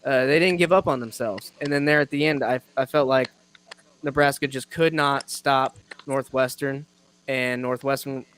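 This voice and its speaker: A man's voice: medium pitch, steady tone, moderate pace, a bit bright, a little hiss or hum. A man hosting a casual sports podcast, rambling, self-mocking and laughing often. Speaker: podcast host.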